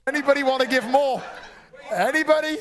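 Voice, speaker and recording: A man's voice: very high-pitched, brisk, fairly bright tone. A man hosting a live auction, calling out bids in a playful, teasing way. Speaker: charity auctioneer.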